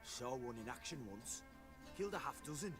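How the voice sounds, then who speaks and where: An actor playing a fearful male tavern drinker who speaks in a hushed, uneasy way. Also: medium pitch, animated, fairly quick, over music, close to an everyday voice. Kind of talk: video game voice acting.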